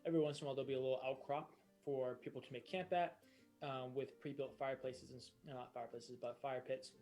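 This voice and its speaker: A man's voice: medium pitch, steady tone, fast, warm tone, soft background music. A man narrating a tabletop game as game master, meandering and full of fillers and self-corrections.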